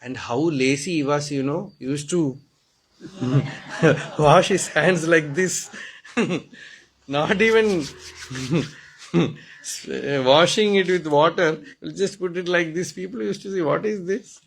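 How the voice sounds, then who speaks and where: A man's voice: a little high, slow pace, vocal fry, pauses often, slight background noise, poor audio. A man with an Indian accent giving a storytelling spiritual discourse, often checking in with his listeners. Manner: storytelling, asks "Hmm?" to listeners, chants Sanskrit verses. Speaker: spiritual teacher.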